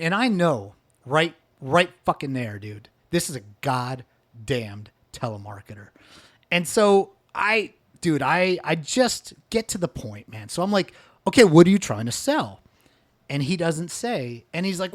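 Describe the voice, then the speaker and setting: A man's voice: on the high side, big pitch swings, unhurried, fairly bright tone. A man hosting a casual comedy podcast, telling a story animatedly with constant swearing and "dude". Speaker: podcast host.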